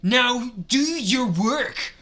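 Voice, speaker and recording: A man voicing a blustering male ministry official with a put-on Swedish accent, bossy and loud. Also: extremely high pitch, lively intonation, drawn-out words, voice pushed up, exaggerated voice.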